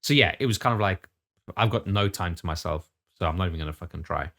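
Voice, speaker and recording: A British man in his thirties co-hosts a casual podcast chat, rambling, restarting often and swearing casually. His voice is low-pitched and fairly bright, and he talks at a quick pace.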